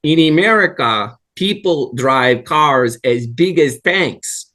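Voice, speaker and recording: A man doing a comic impression of a male Russian comedian, with an exaggerated Russian accent and deadpan delivery. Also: medium pitch, slow, voice pushed up. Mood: joking.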